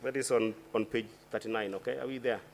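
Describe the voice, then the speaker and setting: A man, a senator questioning a witness at a formal impeachment hearing. He speaks deliberately and legalistically, often restarting his sentences. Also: medium pitch, steady tone, creaky, very noisy.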